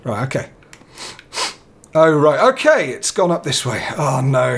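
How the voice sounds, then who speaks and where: A man's voice: medium pitch, big pitch swings, measured pace, gravelly, pauses often, background noise. A young man playing a horror game, nervously talking himself through it and swearing now and then. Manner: jittery, talks himself through fear, swears. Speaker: let's play gamer.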